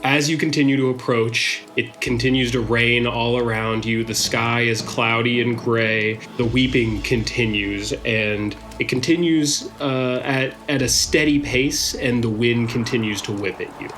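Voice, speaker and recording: A man running a tabletop game as game master, trading crude jokes with the players and then narrating the scene in a steady, descriptive way. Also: mid-range voice, measured pace, few pauses.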